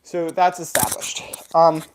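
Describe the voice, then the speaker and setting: A woman's voice: sits low, measured pace, noisy background. A woman hosting, telling a rambling improvised comic story with giggles and silly sound effects. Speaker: host.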